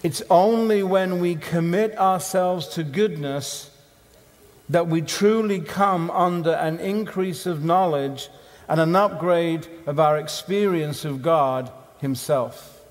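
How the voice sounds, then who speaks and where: With a fairly high pitch and a slow pace, a male conference speaker delivers an emphatic sermon built from short, rhythmic, punchy phrases. Long reverb fills the conference hall.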